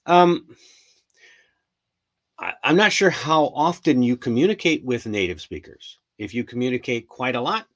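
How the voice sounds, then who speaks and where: A middle-aged man runs a casual live English lesson, with a voice of ordinary middle pitch. He talks in a loose, rambling way, full of ums, repeated words and restarts. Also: lively intonation, moderate pace. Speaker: English teacher hosting a live stream.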